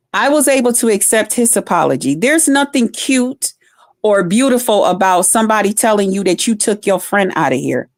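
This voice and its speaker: A woman's voice: medium pitch, no echo, studio quality. A woman guest on a live stream, speaking earnestly and emphatically in casual chat. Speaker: guest caller.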